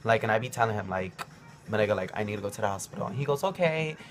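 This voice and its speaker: A man's voice: on the low side, expressive, rapid-fire, faint music behind. A young man in his early twenties telling a personal story to his camera at home, rambling and emotional, with many ums and likes. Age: young adult. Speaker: vlogger.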